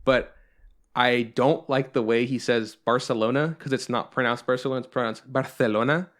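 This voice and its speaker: Young male podcast co-host, loose and rambling, swears freely, middle-pitched voice. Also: fairly even intonation, normal speed, a bit bright. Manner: rambling and profane, with frequent fillers. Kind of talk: casual chat.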